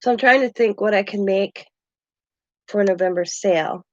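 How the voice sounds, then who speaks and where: An older woman rambles through a relaxed craft chat at home, chuckling as she goes. Her voice sits at an ordinary middle pitch. The recording is dull and lo-fi, with no echo. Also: normal speed. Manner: chatty and meandering, chuckling often. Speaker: craft channel host. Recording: dull dry lo-fi sound.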